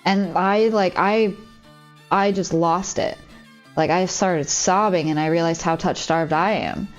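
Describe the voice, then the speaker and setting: A woman's voice: fairly low pitch, steady tone, a little slow, highs cut off, soft background music. A woman streaming from home, chatting casually and confidingly, with lots of "like" as she rambles. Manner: rambling, heavy use of "like", open and confiding. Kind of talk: casual chat while streaming a game.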